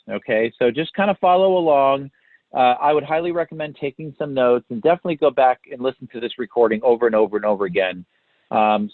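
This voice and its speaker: A man's voice: medium pitch, no room sound. A man coaching appointment setters through a call script, often checking in with his listeners. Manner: talks to trainees, checks in with "right?" and "okay?". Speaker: sales call trainer. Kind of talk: recorded training talk. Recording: tinny phone-like dry recording.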